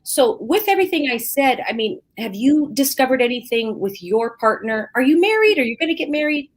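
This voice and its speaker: A woman's voice: high-pitched, brisk. A woman hosting a casual podcast, talking openly and expressively, acting out little quoted exchanges. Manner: open and expressive, acts out her own quotes. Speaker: podcast host.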